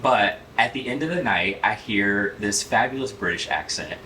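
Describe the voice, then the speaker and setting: A man talks through his wardrobe in an animated, storytelling way, laughing as he goes. His voice swings up and down a lot, and it sounds roomy and a bit distant, as if picked up from across a closet. A faint hiss sits under it. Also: fairly low pitch, normal speed. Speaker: closet tour guest. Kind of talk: casual chat. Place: home closet, echoey room.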